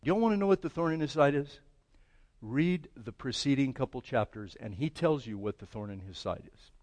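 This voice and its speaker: A pastor preaching a sermon, lively and conversational, often asking the congregation questions and voicing prayers aloud. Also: male voice, medium pitch, brisk. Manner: animated, asks the congregation questions and acts out prayers.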